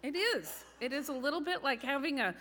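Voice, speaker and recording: Wry woman storyteller, high and lively. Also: a little fast. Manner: wry, self-mocking delivery. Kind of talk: live comic personal storytelling. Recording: reverberant hall with background noise.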